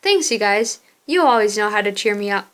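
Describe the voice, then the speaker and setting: A woman's voice: mid-range voice, expressive, a little fast, natural voice. A woman voicing a heartbroken young college guy. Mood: grateful. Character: young male college student, heartbroken, sweet. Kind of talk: fan reading of a story game.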